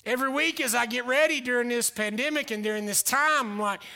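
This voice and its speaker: A male pastor delivering a dynamic sermon, swinging between loud exclamations and hushed whispers. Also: extremely high pitch, brisk.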